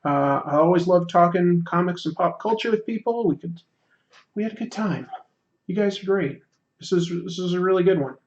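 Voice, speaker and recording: A man's voice: sits high, normal speed, dull audio. A man hosting a casual livestream, reading chat aloud and joking about himself while he draws. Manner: reads chat aloud, self-deprecating and joking. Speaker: livestream host.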